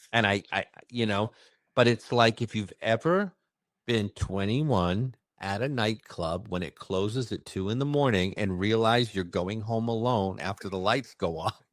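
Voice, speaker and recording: A man who works as a medium, telling a personal story in an expressive, emphatic way during a conversation. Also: on the low side, no echo, studio quality. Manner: expressive, emphatic, with bursts of fast speech. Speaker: medium recounting his experiences.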